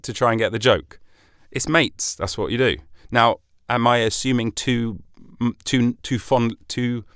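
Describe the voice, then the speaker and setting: A man's voice: fairly low pitch, fairly bright tone, no room sound, clean studio sound. A British man hosting a solo podcast in a chatty, rambling way, with some swearing and self-deprecating asides. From Britain. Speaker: podcast host.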